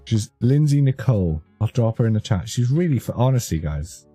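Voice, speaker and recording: A man's voice: mid-range voice, very animated, a little fast, warm tone. A young man chatting casually with his live-stream audience, rambling and joking, easily amused. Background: faint background music.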